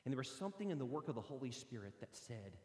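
Animated man preaching in an echoey hall. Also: medium pitch, rapid-fire. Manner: animated storytelling, acting out voices. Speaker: pastor. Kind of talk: sermon. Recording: echoey hall with long reverb.

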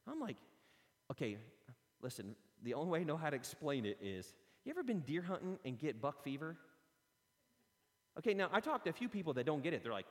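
Animated preacher in a reverberant hall. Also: male voice, on the high side, brisk. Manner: animated storytelling, acts out his own stories. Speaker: pastor. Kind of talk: sermon.

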